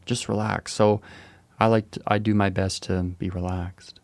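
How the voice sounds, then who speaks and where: A man's voice: deep voice, little pitch movement, a little slow, a little mellow, no room sound. A man co-hosting a podcast, telling rambling stories in a laid-back, joking way. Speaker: podcast co-host. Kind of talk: casual chat.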